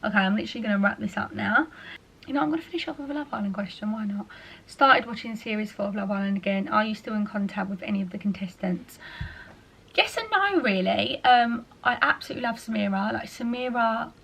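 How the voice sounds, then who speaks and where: A young woman from England, a vlogger, answers viewer questions in a casual, chatty video. Her medium-pitched voice is quick, creaky, and fairly bright with a breathy edge, and she frequently uses fillers like "like" and "you know" and voices quoted asides in other voices.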